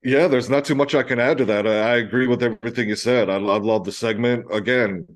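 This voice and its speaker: A man with a middle-pitched voice chats on a podcast. He sounds agreeable and easygoing, backing up his co-host. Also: fast. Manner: agreeable, brief affirmations. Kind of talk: casual chat.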